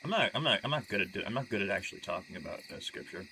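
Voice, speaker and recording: A man in a casual live stream, his voice sitting fairly low yet sounding crisp and forceful. He talks in a halting, self-correcting way and makes wry remarks. A faint hiss of background noise runs underneath. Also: very animated, poor audio. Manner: halting, stumbles and restarts often; chatty and wry when talking freely. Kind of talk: casual live-stream chat and reading aloud.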